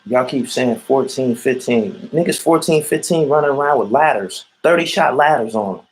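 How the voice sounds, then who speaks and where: A man's voice: medium pitch, moderate pace, low-quality recording. Blunt man, street talk, repeats his points while answering comments on a livestream. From Erie, Pennsylvania. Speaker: vlogger reading viewer comments. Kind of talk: livestream rant reacting to comments.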